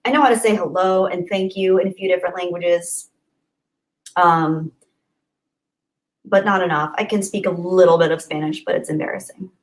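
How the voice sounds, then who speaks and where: A woman hosting a casual livestream, chatty and upbeat, thanking viewers by name and often trailing off softly. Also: on the low side, steady tone, normal speed, long pauses, low-quality recording. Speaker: livestream host. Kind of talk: casual live chat reading comments.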